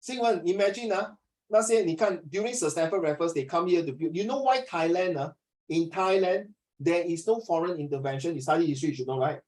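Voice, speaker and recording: A man's voice: on the high side, expressive, a little fast, darkish tone, poor audio. Singaporean man, teacher, chatty, code-switching, classroom talk. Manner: chatty, mixes Chinese into English, acts out little dialogues. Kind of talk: classroom lesson.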